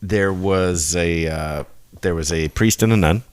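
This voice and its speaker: A man's voice: low voice, a little slow, a little hiss or hum. A man co-hosting a podcast in casual chat, dropping wry quips and telling jokes. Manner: wry quips, builds jokes with rising excitement. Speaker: podcast co-host.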